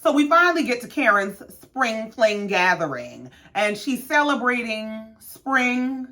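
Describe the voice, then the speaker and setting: A woman, recapping a reality show in sassy, animated casual commentary and acting out quoted cast voices. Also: on the high side, unhurried.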